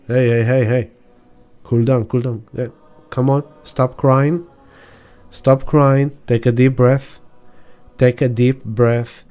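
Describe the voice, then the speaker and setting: A man voicing the planet Pluto as a stern, calming male figure who gives firm, soothing commands. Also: mid-range voice, takes it slowly, pauses often, smooth, faint music behind, lightly acted.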